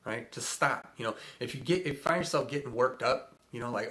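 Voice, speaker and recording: A man's voice: medium pitch, fairly quick, few pauses, sharp tone. A man hosting a casual spiritual talk, rambling with many fillers and frequent chuckles. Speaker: spiritual host.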